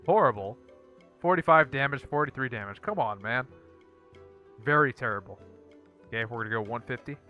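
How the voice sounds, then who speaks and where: A man giving casual gameplay commentary as a channel host, repeating blunt one-word verdicts in a dry, flat way. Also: medium pitch, fast, hardly any pauses, narrow, tinny audio, soft background music.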